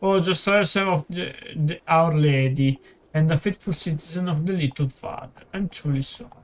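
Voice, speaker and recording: An Italian-accented man voicing a weary, gentle male priest, reading the lines aloud with stumbles. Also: a little high, lightly acted. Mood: kind. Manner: reads the text aloud haltingly, with stumbles.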